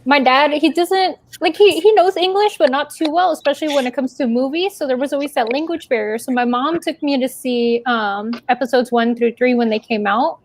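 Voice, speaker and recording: Chatty high-voiced young-sounding woman. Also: brisk, few pauses. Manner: chatty, many fillers and likes. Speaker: guest. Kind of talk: casual group chat.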